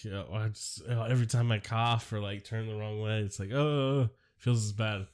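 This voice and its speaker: A man's voice: fairly low pitch, level tone, a little fast. A man co-hosting a podcast in casual chat, rambling and swearing, laughing often, sick with a cough. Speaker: podcast co-host.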